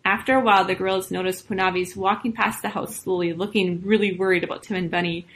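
Woman storyteller reading a children's story aloud, expressive delivery. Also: medium pitch, fast, a little hiss or hum, rough recording.

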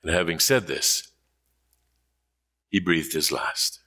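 A man reading scripture aloud in a measured, solemn manner. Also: sits low, sharp tone, husky. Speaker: scripture reader.

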